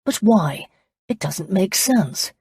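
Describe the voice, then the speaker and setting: A woman's voice: medium pitch, big pitch swings, slow, a little mellow, breathy edge, dry recording, clean studio sound, heavily acted. A woman narrator voicing an arrogant, impatient young duke who speaks in a commanding, sardonic way. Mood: imperious.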